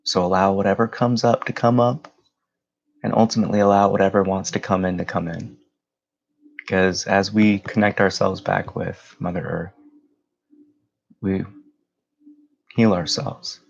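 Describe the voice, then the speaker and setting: A man leading a guided meditation in a slow, soothing voice with drawn-out phrases. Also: fairly low pitch, vocal fry, muffled recording. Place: home.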